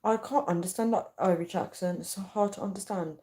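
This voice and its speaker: A woman's voice: fairly low pitch, fairly quick, mellow. A woman on a casual livestream, chatting, giggling and reading viewers' comments aloud. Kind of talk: casual live-stream chat. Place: at home late at night.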